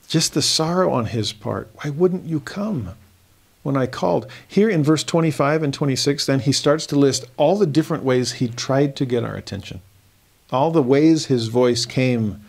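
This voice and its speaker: A man with a gravelly, fry-edged voice at a middle pitch, teaching scripture in a devotional lesson. He reads verses slowly and earnestly, pressing upward in emphasis on key phrases. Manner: slow, earnest reading of verses with emphatic rises.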